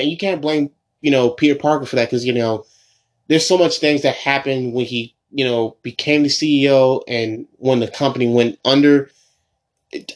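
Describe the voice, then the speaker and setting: A young man hosting a casual solo podcast, rambling and excitable, full of fillers and restarts. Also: medium pitch. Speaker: podcast host.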